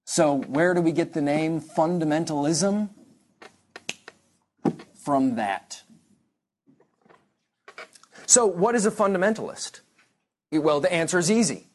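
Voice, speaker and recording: A man's voice: fairly high pitch, expressive, slow, pauses often, darkish tone. A man giving a church history lecture to a congregation class, conversational and digressive, with frequent restarts and dry asides.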